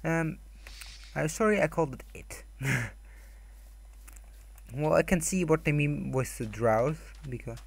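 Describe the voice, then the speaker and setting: A man's voice: on the high side, measured pace, creaky, pauses often, husky, no room sound. A young man commenting casually on a video game, reading signs aloud in mock voices and laughing often. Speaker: gamer.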